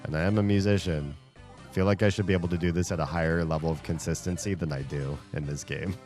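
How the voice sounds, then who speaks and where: Low-voiced man rambling while gaming. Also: fairly even intonation, fast talker, a little mellow. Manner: rambling, thinks aloud, chuckles often. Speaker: streamer playing a rhythm game. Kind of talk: casual chat while gaming. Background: faint game music.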